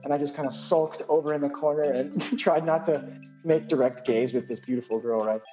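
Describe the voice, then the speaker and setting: A male physician telling a personal anecdote in an animated, self-deprecating way, full of asides. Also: fairly high pitch, brisk, faint music behind.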